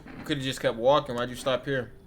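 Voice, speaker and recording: A man's voice: medium pitch, fairly even intonation, fairly quick, a bit bright, a little hiss or hum. A young man talks through a horror game in a loose, slangy way. He banters with his viewers as he plays. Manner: casual slangy banter addressing chat. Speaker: gaming streamer. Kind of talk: casual let's-play commentary.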